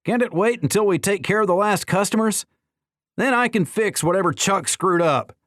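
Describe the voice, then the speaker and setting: A male narrator voices a bossy warehouse boss in an audiobook, loud and complaining. The voice is pushed well above the narrator's own pitch. The sound is dry and close. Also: moderate pace, dry recording. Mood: irritated. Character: impatient bossy man running a warehouse.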